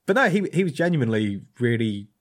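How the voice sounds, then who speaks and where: A blacksmith telling a rambling, hesitant story in casual chat. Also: male voice, medium pitch, sing-song, brisk. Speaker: blacksmith and podcast co-host.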